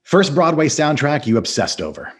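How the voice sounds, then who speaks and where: A man hosting a casual podcast interview, upbeat and quick to laugh. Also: on the high side, big pitch swings. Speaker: podcast host.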